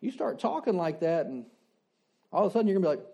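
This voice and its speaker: A man's voice: high voice, sing-song, fast, vocal fry, dark tone. A man preaching a sermon in a conversational way, asking rhetorical questions and repeating his key declarations. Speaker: pastor.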